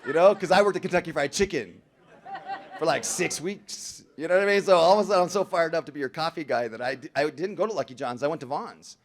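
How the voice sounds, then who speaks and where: A man's voice: animated, quick pace. Slangy, joking man telling his story. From Southern California. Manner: slangy, joking, calls the crowd "bro" and "man"; swings from low hush to loud shouting. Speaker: recovery meeting speaker. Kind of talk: storytelling talk to a live audience. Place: large hall before an audience.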